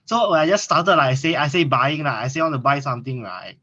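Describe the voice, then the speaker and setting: A man's voice: on the high side, animated, fast talker, sharp tone. A young man, talking hesitantly with many fillers in a casual chat. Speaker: student. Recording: dull lo-fi sound.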